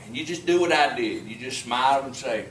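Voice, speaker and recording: A man's voice: mid-range voice, lively intonation, a little fast, fairly bright tone. A man with a strong southern West Virginia accent talks casually to his class, mixing a drawling story with a chemistry lesson. His voice sits in the middle range. The sound comes from a distance across an echoey classroom, with faint room noise behind him. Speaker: chemistry teacher.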